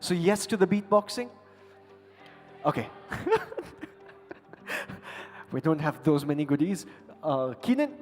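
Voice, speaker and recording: A man's voice: a little high, animated, slow pace, pauses often, a little mellow. Playful man hosting from a reverberant stage. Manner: playful, teasing, chatty with the crowd. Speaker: event host and emcee. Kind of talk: lively stage hosting with audience banter. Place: large conference hall stage. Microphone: handheld microphone. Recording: long hall reverb, faint music.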